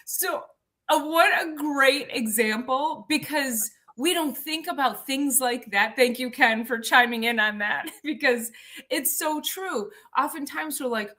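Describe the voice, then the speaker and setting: A woman's voice: sits high, a little slow, pushed and bright. A woman hosting a casual health talk, chatty, often restarting her sentences and laughing easily. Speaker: health show host.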